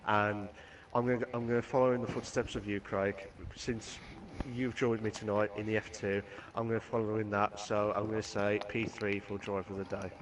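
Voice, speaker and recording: A man's voice: fairly low pitch, little pitch movement, moderate pace, noisy background. Rambling male racing commentator. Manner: rambling, restarts often, enthusiastic. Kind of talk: casual live-stream commentary.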